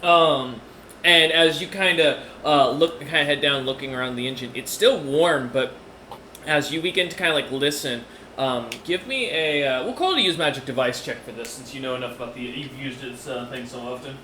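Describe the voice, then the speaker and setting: A man's voice: medium pitch, moderate pace, bright, forceful tone, reverberant, slight background noise. A man narrating as game master of a tabletop game, rambling with many fillers and restarts.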